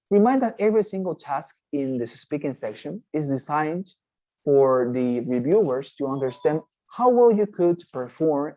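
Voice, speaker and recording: A man's voice: fairly high pitch, warm tone, no echo, low-quality recording. A man teaching a test-preparation lesson, explaining step by step, often checking in with "okay?" and restarting phrases. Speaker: TOEFL teacher. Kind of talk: recorded class lecture.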